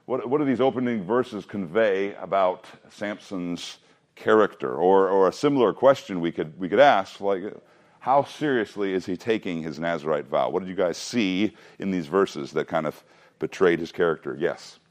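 A man's voice: deep voice, expressive, normal speed. A man teaching a Bible class, mixing reading with joking asides and questions to the students.

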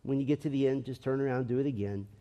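A male pastor delivers an earnest, conversational sermon, circling back and restarting his sentences as he talks. His voice is mellow and dark, with a middle pitch. It rings with long reverb from a church sanctuary. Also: quick pace, lo-fi sound. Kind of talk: sermon with closing prayer.

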